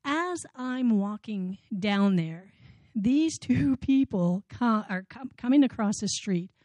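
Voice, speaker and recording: A woman tells personal stories from the front of a room, animated and full of little restarts and fillers. Her voice is warm and mellow, caught dry and close on a microphone. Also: medium pitch, takes it slowly, no echo. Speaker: speaker at a community ministry event. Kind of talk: personal storytelling talk.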